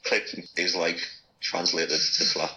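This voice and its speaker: Deep-voiced Geordie man, blunt. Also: level tone, slow pace, pushed and bright, low-quality recording. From Newcastle, England. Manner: blunt, swears casually. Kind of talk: casual chat.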